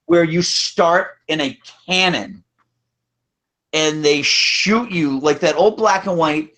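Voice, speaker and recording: A man's voice: a little high, slow, bright, forceful tone. A man hosting a casual podcast chat, talking in a rambling way with frequent restarts. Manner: chatty, rambling, restarts often. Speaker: podcast host. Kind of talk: casual chat about theme park rides.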